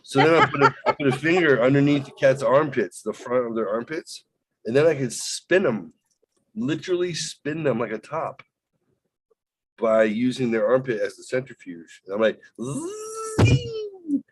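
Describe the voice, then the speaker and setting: A man hosting a podcast, telling a rambling, profane, animated story in casual chat. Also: mid-range voice, moderate pace, slightly rough, dry recording, rough recording. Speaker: podcast host.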